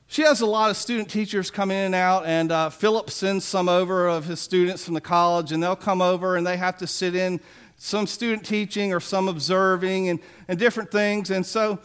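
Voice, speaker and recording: High-voiced pastor telling stories. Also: male voice, a bit bright, smooth. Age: 40s. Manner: conversational storytelling with self-deprecating humor. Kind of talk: sermon.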